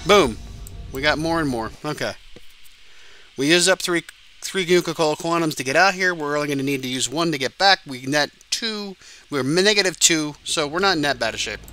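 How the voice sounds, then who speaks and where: Man, let's-play host, rambling casual commentary, tired, bright sharp voice, faint music underneath. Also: on the high side, animated, fairly quick. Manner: rambling and chatty, swears casually. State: tired, yawning. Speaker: game channel host.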